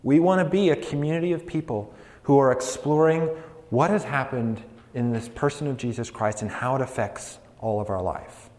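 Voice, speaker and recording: Earnest preacher in an echoey hall. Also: male voice, mid-range voice, moderate pace, a little mellow. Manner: earnest, builds emphasis, light jokes. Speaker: campus ministry preacher. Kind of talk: sermon to college students. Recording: echoey hall with long reverb.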